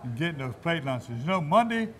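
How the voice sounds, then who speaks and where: A man's voice: on the high side, big pitch swings, brisk, a bit bright. A man hosting a hunting and food show, chatting in a folksy, rambling way inside a meat shop. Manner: folksy, rambling, repeats himself. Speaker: host. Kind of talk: casual outdoors-show chat.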